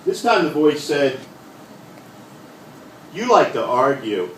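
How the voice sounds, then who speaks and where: An older man, a retired comedian, telling a stand-up story with deadpan comic pauses in front of a live audience. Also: medium pitch. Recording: echoey room from far off, faint noise.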